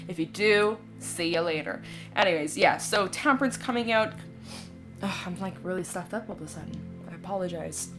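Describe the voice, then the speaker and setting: Over soft music, a woman with a mid-range voice gives a casual tarot reading to camera. She chats away reassuringly, peppering her speech with "you know" and "right?"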